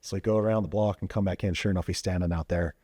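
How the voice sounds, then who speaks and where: Fast-talking low-voiced man telling stories. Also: breathy edge, dry recording, clean studio sound. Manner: animated, quick storytelling with many fillers and restarts. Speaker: podcast guest, former police officer. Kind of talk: casual storytelling interview. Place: podcast studio.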